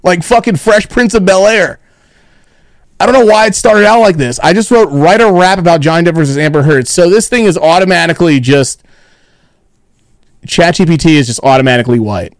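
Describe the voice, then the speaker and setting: A man's voice: on the high side, expressive, fairly quick, no room sound, studio quality. A man hosting a podcast in loose, joking casual chat, swearing freely. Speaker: podcast host.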